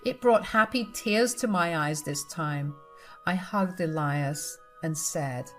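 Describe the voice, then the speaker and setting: Young woman telling her family drama story, talks right to the listeners, lowish voice. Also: slow, fairly bright tone, soft background music. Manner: confiding and emotional, addressing listeners directly. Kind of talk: first-person story narration.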